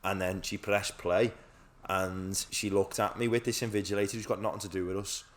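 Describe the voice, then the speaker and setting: Podcast co-host, young man, lower voice, animated storyteller who laughs and swears. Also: brisk. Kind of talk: casual chat.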